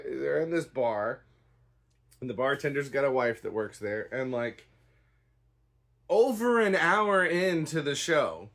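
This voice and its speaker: A man's voice: fairly high pitch, a bit bright. A man giving a casual spoken review of a stage play, rambling and hedging with a dry, unimpressed tone. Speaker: theatre reviewer.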